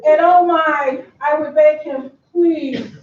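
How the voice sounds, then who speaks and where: A woman from Kentucky gives a loving memorial tribute at the service venue, breaking into laughter between lines. She speaks slowly in a high-pitched voice, with some hiss or hum over an echoey, distant, muffled recording.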